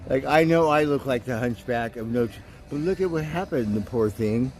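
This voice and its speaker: A man's voice: medium pitch, normal speed, a little mellow. Casual man chatting on a livestream. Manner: rambling, talks to his cats in a cooing voice; laughs easily, swears casually. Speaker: livestream host.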